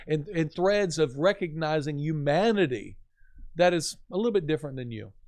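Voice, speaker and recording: A man who is a pastor, talking about faith in an earnest, animated storytelling way with a preaching cadence. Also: a little high, moderate pace. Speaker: pastor, podcast guest.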